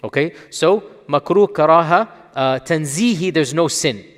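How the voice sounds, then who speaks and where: A man with a slightly raised voice explains religious rulings as a teacher. He talks earnestly and keeps tossing out rhetorical questions and quick check-ins. The sound has a long, roomy reverb around it. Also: on the high side. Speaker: Islamic scholar answering questions.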